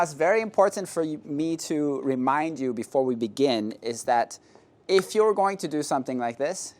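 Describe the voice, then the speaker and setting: Playful male salsa instructor counting steps. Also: on the high side. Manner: playful, counts steps aloud, jokes and laughs. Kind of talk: dance class instruction.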